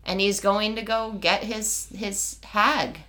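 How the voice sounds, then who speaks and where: A woman co-hosting a book podcast in casual chat, animated, with lots of "like" and quick restarts. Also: medium pitch. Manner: animated, fills speech with "like", restarts often.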